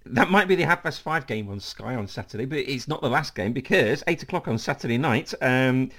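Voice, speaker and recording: A man's voice: medium pitch, expressive, fairly quick, fairly bright tone. Chatty man hosting a football podcast. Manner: chatty, laughs often, fills with um. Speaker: podcast host. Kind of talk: casual football chat.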